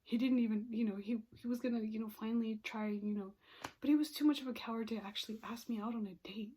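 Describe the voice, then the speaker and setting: Husky young woman telling a story. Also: a little high, steady tone, fast talker, dark tone. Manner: emotional, drops into whispered asides; frequent "you know" fillers. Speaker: vlogger. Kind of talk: storytime monologue to camera.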